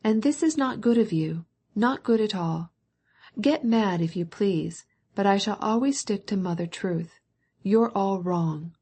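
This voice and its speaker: A woman reading a proud old army captain in an audiobook, scolding and firm, with a dark, mellow voice that has a husky edge. He holds to honor and lays down the law. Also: medium pitch, a little slow. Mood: reproachful. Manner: firm, reproachful.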